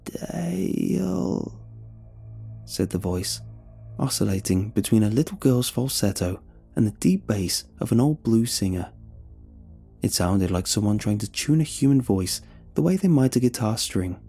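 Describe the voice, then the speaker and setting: A man narrating a horror story in an expressive, suspenseful way. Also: on the low side, normal speed, breathy edge, soft background music.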